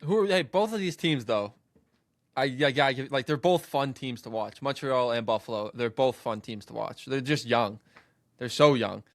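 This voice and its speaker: A man's voice: mid-range voice, moderate pace, no room sound, clean studio sound. A man co-hosting a casual sports podcast, laid-back and laughing, often repeating himself. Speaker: podcast co-host.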